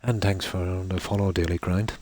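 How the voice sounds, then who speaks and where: A man's voice: low voice, fairly even intonation, moderate pace, darkish tone, slight background noise. A man from Ireland with an Irish Midlands accent, chatting casually with viewers while he plays, rambling with many fillers. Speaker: streamer.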